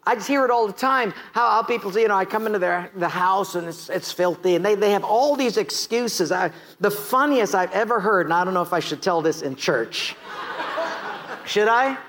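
An American man preaching a sermon, animated and joking, often asking the congregation questions. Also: sits high, normal speed, a little hiss or hum. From United States. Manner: animated, asks the crowd questions, jokes and laughs. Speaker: pastor.

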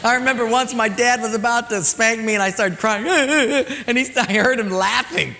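A man preaching a sermon, animated, swinging from loud storytelling to soft, quiet points. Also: high voice, normal speed, creaky, few pauses, slight background noise. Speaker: pastor. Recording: long hall reverb.

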